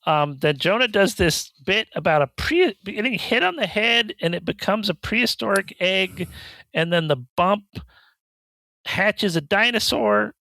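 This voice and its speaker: Podcast co-host, male, high and bright voice, dry close mic, deadpan recapper who slips into mocking asides. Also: unhurried, vocal fry, dry recording. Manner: deadpan plot summaries with mocking quoted asides. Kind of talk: casual chat recapping a movie.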